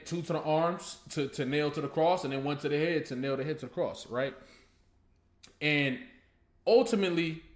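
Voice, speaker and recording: A man hosting a reaction video, breaking down a rap song in casual, slangy and profane talk, often restarting his sentences and using fillers. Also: mid-range voice. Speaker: host reacting to a rap track. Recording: roomy echo, faint music behind.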